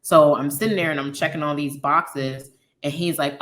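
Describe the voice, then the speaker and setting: A woman's voice: low-pitched, normal speed. A Liberian American woman in her thirties, a guest candidly telling her personal story, acting out quoted dialogue. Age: 30s. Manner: open, frank, animated retelling with quoted dialogue.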